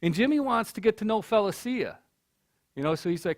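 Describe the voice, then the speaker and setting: A middle-aged man tells a story from a college stage in a somewhat high voice. He speaks earnestly and often repeats his words when the moment gets to him. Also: expressive, fast talker, darkish tone. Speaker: keynote speaker. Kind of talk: storytelling speech. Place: college hall.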